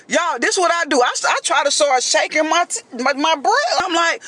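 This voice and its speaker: A woman with a high voice tells a dramatic story in a casual storytime monologue, animated and constantly talking straight to her listeners. She speaks at a moderate pace, and there's no room sound.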